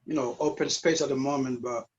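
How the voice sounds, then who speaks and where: A man in his forties with a Guadeloupean French accent answers questions as a guest on a video call. He talks hesitantly and searches for his words, at a middle pitch, and the sound comes through dull and muffled. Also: fairly even intonation, brisk, crowd noise. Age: 40s.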